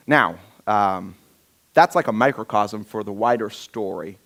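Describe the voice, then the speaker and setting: A man's voice: lowish voice, unhurried, vocal fry, a bit bright. A male pastor preaching a sermon, telling a Bible story with humor and acting out the scenes.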